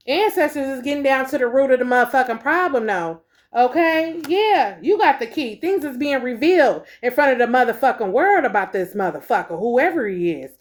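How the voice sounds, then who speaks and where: Woman tarot reader, swears freely, repeats lines, calls everyone baby. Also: high-pitched. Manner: profane, emphatic, repeats herself; calls listeners baby and collective. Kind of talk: spiritual tarot reading to viewers.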